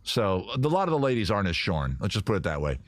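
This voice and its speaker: A man hosting a livestream from home, riffing on viewer questions in a rambling, crude, deadpan absurd way. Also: lowish voice, fast talker, no echo. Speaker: host. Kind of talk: improvised comic livestream answering viewers.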